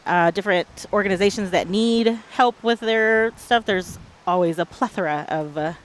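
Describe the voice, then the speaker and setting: A woman's voice: medium pitch, normal speed. A woman from Oklahoma, a sponsor's representative, chatting playfully at an outdoor event. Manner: laughing, playful, brief replies. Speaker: credit union sponsor representative. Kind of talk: casual chat. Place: outdoor parking lot event.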